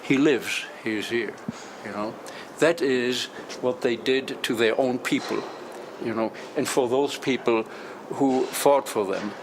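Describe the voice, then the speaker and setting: Czech guy in his 70s, english w/ accent, earnest testimony, middling pitch. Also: unhurried, background noise. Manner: earnest, retells with quoted dialogue. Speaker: interviewee. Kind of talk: personal testimony.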